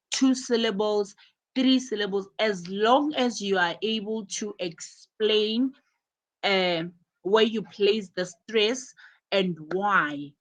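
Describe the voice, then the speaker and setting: A woman's voice: mid-range voice, fairly bright tone. A woman teaching an English class to students, patiently explaining and repeating her examples step by step. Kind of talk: live online class instruction.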